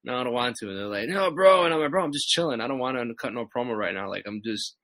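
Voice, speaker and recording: A man's voice: medium pitch, racing, pushed and bright, no echo. Pro wrestler guest, man from the Chicago area, easygoing storyteller, dry close sound. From Chicago area, USA. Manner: laid-back storytelling, acts out voices of fans. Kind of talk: casual podcast chat.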